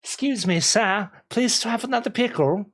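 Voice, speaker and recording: A man's voice: high-pitched, moderate pace, fairly bright tone, voice pushed up. A man voicing a young medieval peasant boy who pleads in a silly, old-fashioned way. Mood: pleading. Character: young male medieval peasant begging for pickles.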